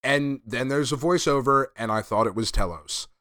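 Man, podcast host, casual profane chat, bright voice, dry close sound. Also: mid-range voice, moderate pace, no room sound. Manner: laid-back, profane, enthusiastic recapping. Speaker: podcast host reviewing comics.

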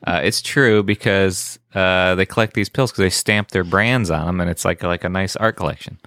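Low-voiced laid-back joking man. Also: normal speed, a bit bright, no room sound, studio quality. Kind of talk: casual podcast chat.

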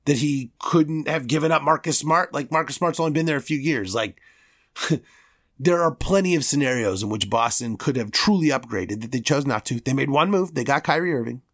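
A man's voice: medium pitch, normal speed, a bit bright. A man hosting a sports podcast, delivering a heated, profane rant with strong emphasis.

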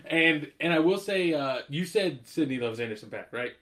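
Guy rambling about an album, kinda high voice, lots of likes and you-know-what-i-means. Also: expressive, moderate pace, fairly bright tone. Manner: rambling, swears, lots of fillers. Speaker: podcast co-host. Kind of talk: casual chat about music.

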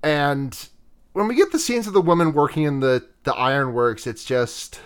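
A man's voice: fairly high pitch, animated, moderate pace, smooth. A man hosting a podcast, casually retelling a film's plot, profane and giggly, rambling with restarts. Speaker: podcast host.

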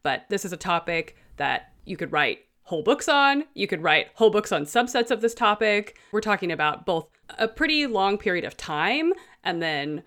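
A woman's voice: mid-range voice, sing-song, normal speed, few pauses, a bit bright. A woman co-hosting a podcast, chatting casually and enthusiastically about a novel. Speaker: podcast co-host. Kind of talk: casual literary podcast chat.

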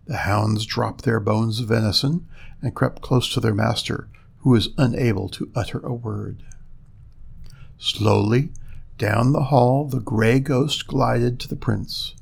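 Gravelly male fairy-tale narrator. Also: medium pitch, fairly even intonation, measured pace. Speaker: storyteller.

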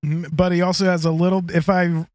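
A man co-hosting a casual podcast chat, telling animated anecdotes and breaking into laughter. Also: sits high, brisk, no echo. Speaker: podcast co-host.

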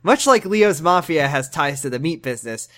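A man's voice: fairly high pitch, lively intonation, moderate pace, a bit bright. Podcast co-host, male, casual chat, crude humor, stumbling delivery. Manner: crude jokes, stumbles over words, theorizes.

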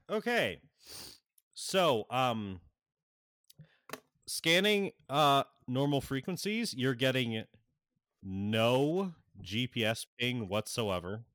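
Unhurried man narrating a tabletop game. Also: mid-range voice, lively intonation, a bit bright, no echo, studio quality. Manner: halting, lots of fillers, laughs often. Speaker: game master.

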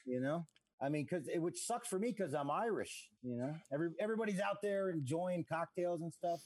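A man's voice: fairly high pitch, animated, fairly quick, darkish tone, dry recording. A middle-aged man, a comedian telling rambling, self-mocking jokes over a video call.

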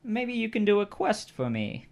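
A man's voice: sits high, very animated, normal speed, vocal fry, voice pushed up, heavily acted. A man putting on a sly bargaining quest-giver woman. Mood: dismissive. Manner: sly, haggling, teasing. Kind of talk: tabletop role-play character voice.

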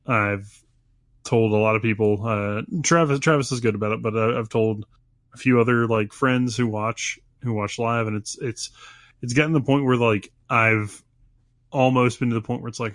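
A man's voice: mid-range voice, steady tone, moderate pace, a bit bright, dry recording, studio quality. A man co-hosting a podcast, talking casually with lots of stops and restarts. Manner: rambling, many fillers and restarts. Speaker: podcast co-host. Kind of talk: casual chat.

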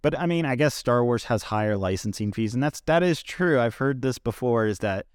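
A man's voice: medium pitch, animated, brisk, clear, resonant tone, dry recording, studio quality. A man hosting a podcast in casual chat, rambling along with many fillers. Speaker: podcast host.

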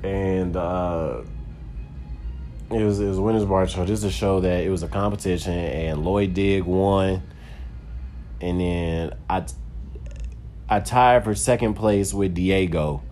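A man's voice: low voice, fairly even intonation, a little slow, long pauses, dark tone, faint music behind. A man, a stand-up comedian, telling a loose, rambling story in casual talk full of profanity and "like".

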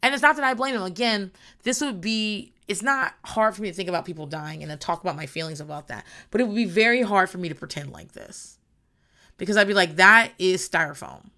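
Blunt, creaky-voiced woman recapping TV. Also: medium pitch, quick pace, a bit bright. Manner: blunt, profane and rambling. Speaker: podcast host recapping a reality show. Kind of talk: casual chat.

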